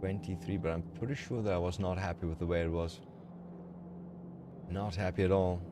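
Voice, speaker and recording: A deep, fairly even-toned male voice moves fairly quickly through casual livestream chatter while gaming. He's opinionated, rambles, and restarts a lot, with loud music and noise behind him.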